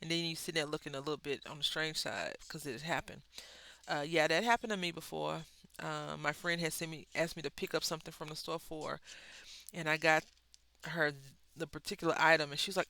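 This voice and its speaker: A coloring channel host chatting casually while coloring, rambling, correcting themselves and offering gentle encouragement. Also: medium pitch, lively intonation, a little fast, creaky, no echo.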